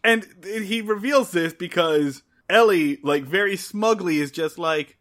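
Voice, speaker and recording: A man co-hosts a casual recap show, walking through the plot with blunt, animated commentary. His voice sits high for a man. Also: normal speed, few pauses. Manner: wry, animated storyteller, blunt. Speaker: podcast co-host.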